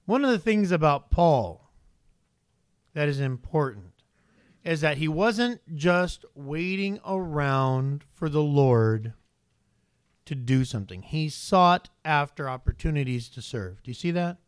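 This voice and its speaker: A man in a slightly high register delivers a sermon as a pastor, talking to the congregation conversationally and pressing them with rhetorical questions. The sound is dry and close, with little room around it. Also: animated, measured pace, smooth, no echo.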